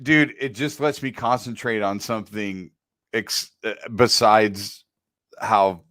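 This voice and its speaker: A man's voice: lowish voice, fairly even intonation, slow, fairly bright tone, dry recording. Profane, candid man on a podcast. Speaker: podcast co-host. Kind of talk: casual podcast chat.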